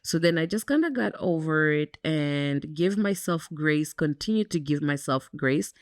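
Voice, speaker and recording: A woman's voice: low-pitched, lively intonation, normal speed, no echo, studio quality. A young woman co-hosting a podcast, talking candidly and reflectively in casual chat, with plenty of "um" and "like.". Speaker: podcast co-host.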